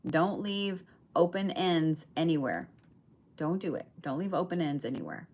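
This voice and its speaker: A woman's voice: sits low, expressive, moderate pace, darkish tone. A woman giving a chatty, emphatic live tarot reading to her viewers. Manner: chatty, emphatic, swears casually, talks to viewers. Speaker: tarot reader.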